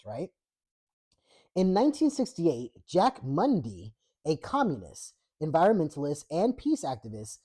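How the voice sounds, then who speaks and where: A woman's voice: deep voice, warm tone. A woman host reading a book chapter aloud, breaking off for irreverent, profane asides.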